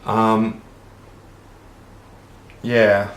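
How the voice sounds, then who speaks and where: A man's voice: fairly low pitch, little pitch movement, very slow. A man with an Australian accent who talks to the camera in an earnest, rambling monologue and swears casually. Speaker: vlogger. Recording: roomy echo.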